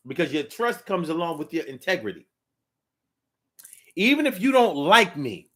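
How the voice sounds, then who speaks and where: Emphatic higher-voiced man talking to viewers. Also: a bit bright. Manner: emphatic, repeats phrases for effect; talks straight to the audience. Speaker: vlogger. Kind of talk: casual spoken monologue.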